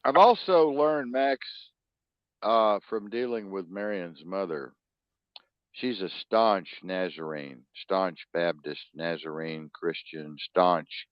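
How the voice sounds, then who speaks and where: A man's voice: low-pitched, slow, dry recording. A man hosting a talk show, ranting bluntly and profanely in a rambling, emphatic way. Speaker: podcast host. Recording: dull lo-fi dry sound.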